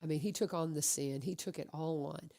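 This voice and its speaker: A woman hosting a radio show, chatting casually with her guest and telling animated stories. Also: sits low, fairly quick, gravelly. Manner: chatty, animated storyteller who acts out quotes. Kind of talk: casual conversational interview. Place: radio studio.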